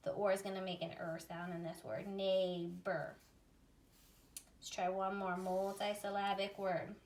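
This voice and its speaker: A woman teaching a phonics lesson to young readers, sounding out words slowly and clearly. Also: mid-range voice, flat delivery, darkish tone. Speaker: reading teacher. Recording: voice a little far from the mic.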